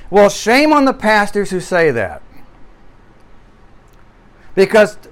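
A man preaching a sermon from the pulpit, emphatic and swinging between loud declarations and quiet asides. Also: sits high, sing-song, normal speed, pauses often. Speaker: pastor.

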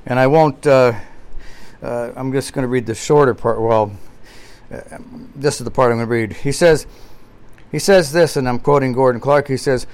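A man preaching a sermon from the pulpit, emphatic and swinging between loud declarations and quiet asides. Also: mid-range voice, normal speed, pauses often, clear, resonant tone. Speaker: pastor.

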